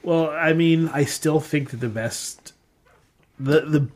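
A man's voice: a little high, slow, darkish tone. A man co-hosting a podcast in casual chat, joking and blunt.

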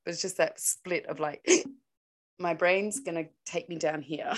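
A woman with a somewhat low-pitched voice tells a personal story in a casual conversation. She giggles often and talks in loose, filler-filled bursts. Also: fairly even intonation, measured pace. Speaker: relationship coach. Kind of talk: casual podcast chat.

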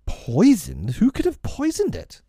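Brief: man playing a brave young boy hero, high and boyish, close and dry. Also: wildly swooping pitch, a little slow, warm tone, no echo, heavily acted. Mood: bold.

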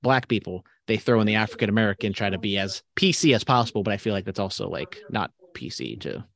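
A man's voice: fairly low pitch, lively intonation, fast, a bit bright. A young man co-hosting a podcast, grumbling and sardonic with casual, profane banter. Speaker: podcast co-host.

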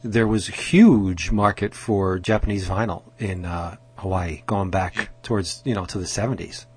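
Podcast co-host, male, low husky voice, wry deadpan humor. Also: normal speed. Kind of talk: casual chat.

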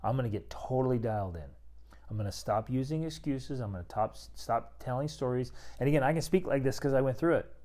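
A middle-aged men's relationship coach speaks in a warm, mid-range voice that's animated and fairly quick. Emphatic and preachy, he gives a motivational talk on relationships to other men, acting out people's inner monologues along the way.

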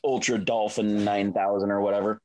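A man telling stories from an old job as a podcast guest. He lays the steps out simply and matter-of-factly, in a relaxed conversational way. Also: fairly low pitch, moderate pace. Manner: plain, matter-of-fact explaining. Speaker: podcast guest, former airport baggage worker. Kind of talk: casual storytelling.

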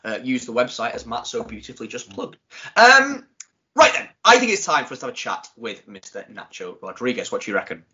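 Jokey male podcast host, bright forceful voice, lo-fi recording. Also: mid-range voice, brisk. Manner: jokey, animated banter. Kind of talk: casual podcast chat. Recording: dull lo-fi sound.

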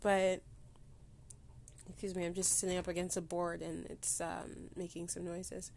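A woman hosting a personal solo podcast, holding back tears and talking haltingly, with many restarts and pauses. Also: lowish voice, flat delivery, vocal fry, darkish tone, a little hiss or hum. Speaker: podcast host. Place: sitting against a board indoors.

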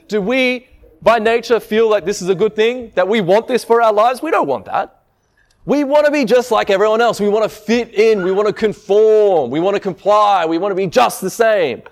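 A man preaching a sermon in a conversational way, often asking the listeners rhetorical questions. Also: high-pitched.

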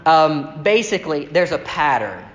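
A man delivers a sermon in an easy, conversational way, stopping to read scripture passages aloud. His voice sits a little high for a man. The sound carries a long, roomy reverb, as if it were picked up in a large church sanctuary. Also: very animated, a little slow. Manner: conversational, reads scripture aloud, acts out quoted complaints with rising pitch. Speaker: preacher. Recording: echoey hall with long reverb.

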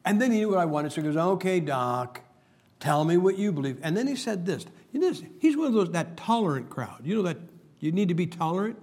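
A man's voice: high-pitched, very animated, fast talker, darkish tone, husky. A man preaching a humorous sermon, telling stories and making emphatic points with jokes. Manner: joking, storytelling, emphatic preacher.

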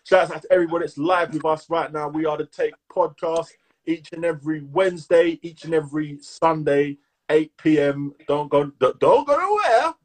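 Husky-voiced man hyping his podcast. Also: a little high, normal speed. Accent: London. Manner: animated slang-heavy banter, hyping listeners. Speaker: podcast co-host. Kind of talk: casual chat.

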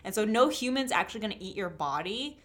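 A woman's voice: mid-range voice, expressive, fast talker, a bit bright. Rambling, hesitant young woman guest. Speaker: podcast guest. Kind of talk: casual chat.

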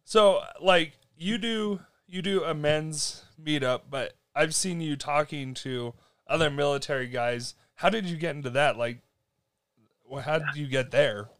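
Jokey podcast host, laughing a lot. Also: male voice, fairly high pitch, unhurried, a bit bright, clean tone, no echo, clean studio sound. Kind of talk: casual podcast conversation.

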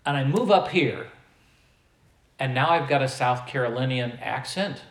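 A man's voice: medium pitch, lively intonation, a bit bright, roomy sound. A man from the American Midwest preaching a sermon, emphatic, with volume that swells and drops. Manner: slow, emphatic preaching with rising and falling volume. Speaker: pastor.

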